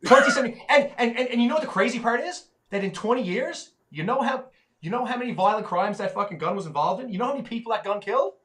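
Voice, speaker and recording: Fast-talking ranting man. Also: very high voice, animated, a bit bright. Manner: profane, ranting, heavy swearing. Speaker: podcast co-host. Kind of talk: heated casual chat.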